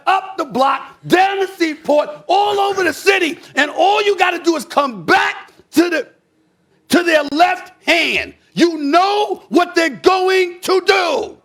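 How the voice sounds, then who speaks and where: A man, a sports talk host ranting loudly, shouting in bursts. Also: extremely high pitch. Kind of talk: heated sports commentary.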